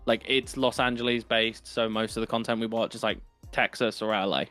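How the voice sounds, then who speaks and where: A man's voice: lowish voice, fairly even intonation, fairly quick, bright, forceful tone, soft background music. A young man from London with an East End accent, chatting casually on a podcast in a rambling, profane way with lots of ums and restarts. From England. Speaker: podcast co-host. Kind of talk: casual chat.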